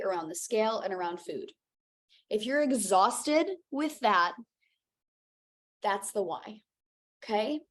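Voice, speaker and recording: A young woman leading a live online health coaching session, energetic and encouraging, checking in often with her viewers. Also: fairly high pitch. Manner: energetic, encouraging, casual with frequent "okay?" check-ins. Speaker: health and weight loss coach.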